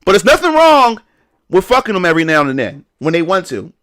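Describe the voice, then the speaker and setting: A man's voice: high voice, wildly swooping pitch, fairly quick, a bit bright. A young man chatting casually on a livestream in a rambling, slangy way, full of restarts and fillers. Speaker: live streamer.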